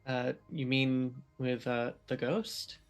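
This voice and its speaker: A man narrating as game master of a tabletop role-playing game, often pausing with fillers as he describes the scene. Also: medium pitch, steady tone, clean tone, faint music behind. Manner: hesitant, filler-heavy narration.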